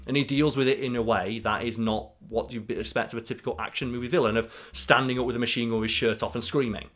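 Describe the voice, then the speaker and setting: A man co-hosts a casual film podcast and gives blunt, opinionated takes. He swears freely as he talks. His voice sits at an ordinary middle pitch. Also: fairly even intonation, fast talker, fairly bright tone. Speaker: podcast co-host.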